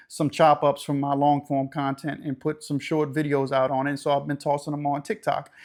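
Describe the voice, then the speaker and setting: A man from the New Orleans area with a local accent, hosting a casual, blunt, streetwise monologue. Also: a little high. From New Orleans area, Louisiana. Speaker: YouTube channel host.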